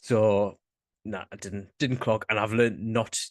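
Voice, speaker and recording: Low-voiced Northern English man, very dry sound. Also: fairly even intonation, unhurried, no room sound. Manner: laid-back, hesitant, trailing off. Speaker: podcast co-host. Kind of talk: casual chat.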